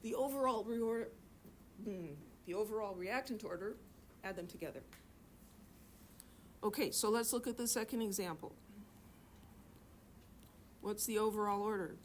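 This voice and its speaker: This middle-aged chemistry teacher speaks at medium pitch and a moderate pace, pausing often. She's chatty and jokes around, asking her class questions during the lecture, and there's a bit of background noise.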